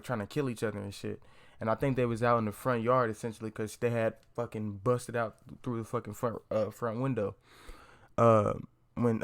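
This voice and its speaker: A young man talks through a movie review in a loose, rambling way. He swears freely, leans on slang and fillers, and restarts his sentences often. His voice sits at a middling pitch. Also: a bit bright. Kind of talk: casual spoken movie review.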